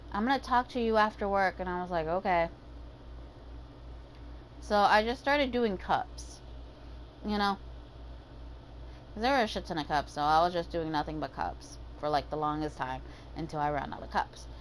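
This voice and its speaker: A woman's voice: medium pitch, slight background noise, rough recording. A woman ranting casually about her day, swearing heavily and using lots of fillers. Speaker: gaming vlogger.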